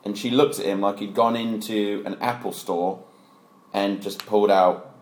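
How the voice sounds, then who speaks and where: Male co-host, low register, playful storyteller, roomy home studio sound. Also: steady tone, moderate pace. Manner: joking, retells stories with put-on voices. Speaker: podcast co-host. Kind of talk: casual chat. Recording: roomy echo.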